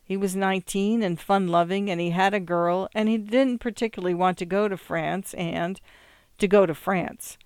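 Woman narrator, storybook reading, smooth clear voice, dry close sound, steady mid pitch. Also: normal speed, dry recording. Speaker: audiobook narrator.

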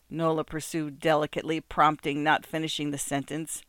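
Guy reading a novel aloud, smooth crisp voice, slightly high, dry close sound. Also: flat delivery, moderate pace, fairly bright tone, dry recording. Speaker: narrator. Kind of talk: audiobook narration.

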